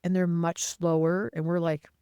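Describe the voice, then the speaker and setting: Animated woman astrologer, dry close sound. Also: fairly low pitch, clean tone, no echo. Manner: animated, emphatic, quick bursts. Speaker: astrologer guest. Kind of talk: casual interview chat.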